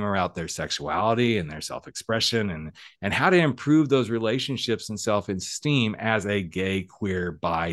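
A man's voice: on the low side, a bit bright, no echo, studio quality. A man over forty hosting a podcast interview in a chatty, upbeat way, hyping up his guest. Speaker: podcast host and coach.

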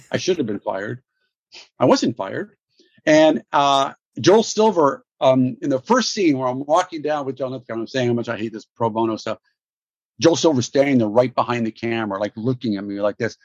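A man, a guest actor, telling stories in an interview, animated and laughing, with many restarts. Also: medium pitch, no echo, muffled recording. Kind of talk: storytelling interview.

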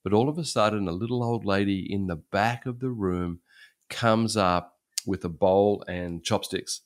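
A man's voice: on the low side, unhurried. A man in his sixties preaching, telling stories in a conversational way that repeats and restarts phrases. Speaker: pastor. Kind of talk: sermon storytelling.

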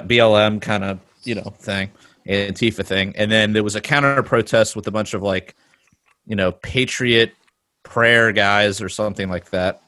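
A man's voice: fairly low pitch, sharp tone, dry recording. A man chatting casually with friends, hesitant with many fillers. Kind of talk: casual chat.

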